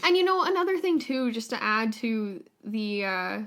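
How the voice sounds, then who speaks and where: A woman's voice: fairly high pitch, big pitch swings, moderate pace, fairly bright tone. A woman co-hosting a podcast, chatting casually with lots of fillers as she relays her research. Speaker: podcast co-host. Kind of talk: casual conversational podcast chat.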